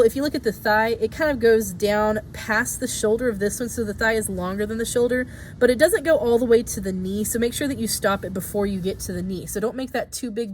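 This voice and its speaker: Woman, art teacher, casual step-by-step drawing tutorial, patient, voice on the higher side. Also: a little hiss or hum. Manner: patient, explains each stroke, casual asides.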